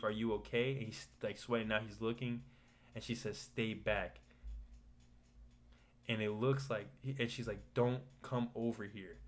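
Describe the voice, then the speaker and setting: A man casually recapping manga chapters, rambling with restarts and loose paraphrase. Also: mid-range voice. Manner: rambling, restarts, paraphrases characters in a flat retelling. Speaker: manga commentator.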